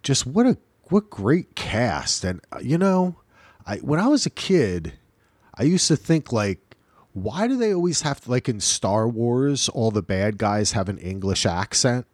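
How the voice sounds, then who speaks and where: A man's voice: medium pitch, sing-song, unhurried, a little mellow, no echo, clean studio sound. An American man co-hosting a podcast, chatting casually in a rambling way, with lots of fillers and restarts. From United States. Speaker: podcast co-host. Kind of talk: casual chat.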